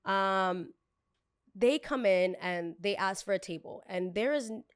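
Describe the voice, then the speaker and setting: A young woman hosting a podcast, telling a work story in a chatty, animated way and acting out the people in it. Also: mid-range voice, unhurried, clean tone, no echo, studio quality. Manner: chatty, animated, acts out every voice in the story, curses freely. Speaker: podcast host. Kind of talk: casual storytelling.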